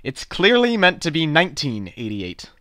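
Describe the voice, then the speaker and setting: A man voicing an exasperated male customer in a radio-play style, flustered and stammering, sometimes breaking into shouts. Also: a little high, huge pitch swings, moderate pace, dry recording, clean studio sound, exaggerated voice. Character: exasperated male customer, young adult, increasingly desperate. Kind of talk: amateur voice-over radio-play acting.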